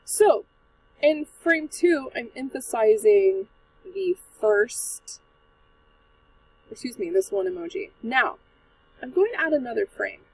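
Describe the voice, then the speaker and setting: Lively high-voiced woman teaching kids. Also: slow pace, long pauses, far from the mic, a little hiss or hum, rough recording. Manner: patient, encouraging, step-by-step. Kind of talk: screen-recorded tutorial for children.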